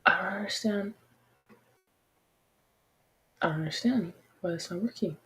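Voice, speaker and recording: A woman's voice: fairly low pitch, measured pace, bright, forceful tone, slightly rough, rough recording. A woman hosting a casual livestream, talking frankly and chattily with apologetic asides to her listeners. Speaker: podcast host.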